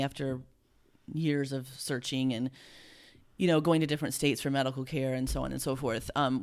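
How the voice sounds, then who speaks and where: Low gravelly-voiced woman, emotional. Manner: emotional, halting, many restarts. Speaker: guest. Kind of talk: heartfelt conversation.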